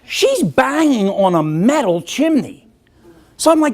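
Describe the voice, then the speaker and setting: A man giving a motivational talk, telling a humorous story with animated, self-mocking delivery and acted-out voices. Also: very high voice, measured pace. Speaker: motivational speaker. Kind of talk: storytelling keynote speech.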